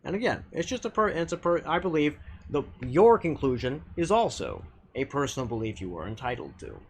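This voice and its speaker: A man streaming a game and talking casually with his viewers, arguing bluntly and swearing often, with frequent restarts. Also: mid-range voice. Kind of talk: casual live-stream chat reading viewer comments.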